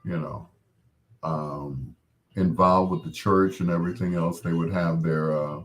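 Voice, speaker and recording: Slow, deep-voiced gentle man. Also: steady tone, a little hiss or hum. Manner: gentle, meandering, with many restarts and fillers. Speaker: host. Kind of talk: casual chat, consoling a grieving listener.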